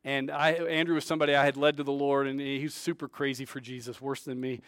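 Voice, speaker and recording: A man preaching, telling a story with big swings between loud and soft and acting out the voices of the people in it. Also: mid-range voice, flat delivery, fast talker, smooth, dry recording, studio quality. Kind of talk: storytelling sermon.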